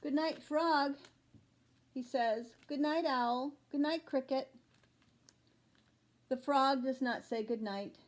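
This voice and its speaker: Lady reading aloud doing a grumpy secretive loner guy, fussy, slow, kinda high. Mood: lonely. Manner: fussy exclamations. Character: grumpy secretive loner man who wants peace. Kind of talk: read-aloud storybook voice.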